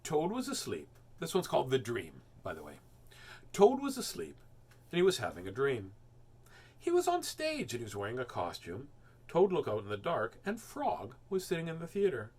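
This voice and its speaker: A man reading a children's storybook aloud as host, expressive and animated. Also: mid-range voice, moderate pace, breathy edge. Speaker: children's book reader, host.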